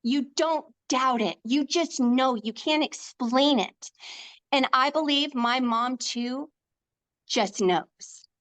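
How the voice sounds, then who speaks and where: Woman guest, high voice, heartfelt and emphatic storyteller, casual chat. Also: takes it slowly, a bit bright. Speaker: podcast guest. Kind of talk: casual faith podcast chat.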